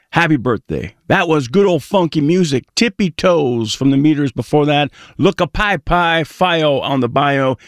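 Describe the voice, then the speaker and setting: A man's voice: on the high side, dry recording, studio quality. A man hosting a radio music show, telling a story in a chatty, self-deprecating way with stammering restarts. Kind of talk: casual radio DJ patter. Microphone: studio broadcast microphone.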